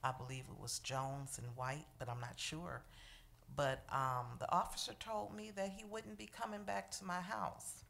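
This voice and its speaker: A woman with a very low, gravelly voice delivers a firm, insistent complaint. She speaks at public comment in a council meeting. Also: little pitch movement, normal speed, fairly bright tone.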